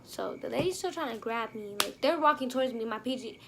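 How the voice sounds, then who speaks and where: A young woman with a fairly high voice tells a storytime vlog, full of slang and little sound effects as she acts out each moment. A faint hiss of noise sits under her voice. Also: expressive, brisk. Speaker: vlogger.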